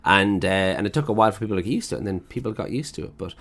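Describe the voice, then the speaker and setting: A man's voice: on the low side, expressive, rapid-fire, vocal fry, a bit bright. A man who runs restaurants, telling blunt, profane stories about customers in a casual conversation, acting out their lines. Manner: blunt storyteller who swears freely and acts out customers. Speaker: chef and restaurant owner.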